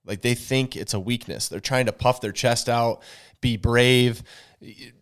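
An earnest man with a drawl talks on a podcast. He speaks at a middle pitch and leans on repeated words for emphasis. His tone is casual but insistent. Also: unhurried, a bit bright. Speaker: podcast co-host.

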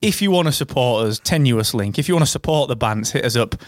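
A man co-hosting a podcast, chatting casually and telling lively stories before plugging the show to listeners. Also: medium pitch, quick pace, no room sound, clean studio sound. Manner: lively, bantering storyteller. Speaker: podcast co-host. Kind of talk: casual chat and listener plugs.

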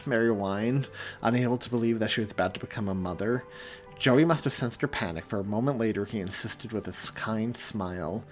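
A man narrates his own story in a measured, steady audiobook reading. His voice sits on the low side, with faint music behind the reading.

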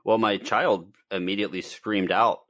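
Deep-voiced man riffing on a movie. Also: steady tone, moderate pace, fairly bright tone. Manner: laughs often, trailing restarts. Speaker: podcast co-host. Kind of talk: casual movie-review chat.

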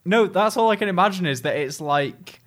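Young guy cohosting a chat show, kinda high voice, giggly, acts out little quotes. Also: a little fast. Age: young adult. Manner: giggly, tells stories with animated quoted voices. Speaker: podcast co-host. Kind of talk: casual chat.

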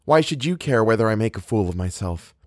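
A man's voice: on the low side, expressive, a little fast, a little mellow, dry recording, clean studio sound, close to an everyday voice. A man reading a novel aloud, voicing a proud and hurt young woman who speaks in a tight, formal, defensive way.

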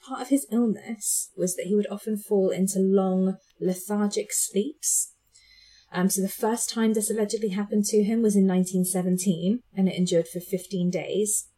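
A woman's voice: mid-range voice, dark tone, breathy edge. Female podcast co-host, chatty, easily amused, loose storytelling delivery. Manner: chatty, laughs often, many fillers. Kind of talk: casual chat and storytelling.

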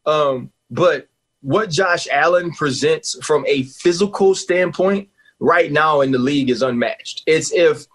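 Brief: husky man in his forties, sports radio guest, emphatic and lively, slightly high voice. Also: unhurried. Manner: animated, emphatic, laughs often. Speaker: guest analyst, former player.

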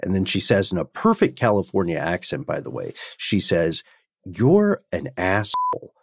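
A man's voice: low-pitched, lively intonation, brisk, vocal fry, breathy edge, dry recording, studio quality. A man co-hosting a podcast in casual chat, telling a self-deprecating story in a wry anecdotal way. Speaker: podcast co-host.

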